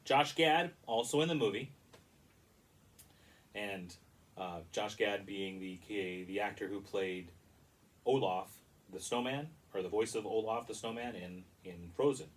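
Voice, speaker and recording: Distant, low-voiced man reviewing a movie. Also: measured pace. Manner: rambling, critical, frequent restarts. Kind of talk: casual spoken review.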